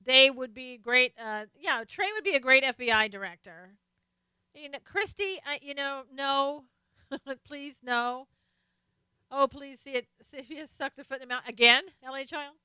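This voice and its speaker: A woman with a high, lively voice hosts a live stream, chatting casually about politics and reading viewer comments aloud to answer them. Her tone is bright and forceful, her pace measured, and the recording is dry.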